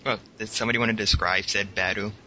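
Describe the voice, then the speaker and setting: Bright-voiced man hosting a podcast. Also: fairly low pitch, fairly even intonation, quick pace, a little hiss or hum. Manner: laughs often, loose and joking. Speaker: podcast host. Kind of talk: casual podcast chat. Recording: dull lo-fi sound, faint music.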